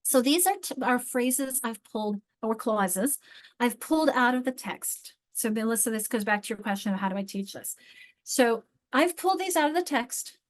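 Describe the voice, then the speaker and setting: A woman with a slightly high voice leads a teacher training over a video call. She talks in a chatty, informal way, restarting her sentences often. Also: lively intonation, moderate pace. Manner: chatty, with frequent restarts and modeled read-alouds. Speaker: literacy trainer.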